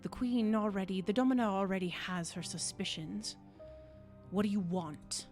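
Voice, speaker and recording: A woman's voice: mid-range voice, fairly even intonation, normal speed, darkish tone, soft background music, lightly acted. A woman voicing a huffy, defensive male noble in a tabletop game. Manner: huffy, indignant.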